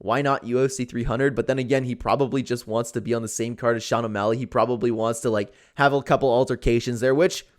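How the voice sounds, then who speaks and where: A man's voice: medium pitch, steady tone, quick pace, hardly any pauses. A young man giving casual, opinionated commentary on fight news, with lots of fillers like "like" and "man".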